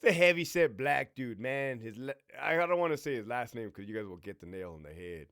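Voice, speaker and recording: A man's voice: medium pitch, animated, a little fast, fairly bright tone. A man, a former prison officer, talking in a blunt, profane and swaggering casual monologue. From California.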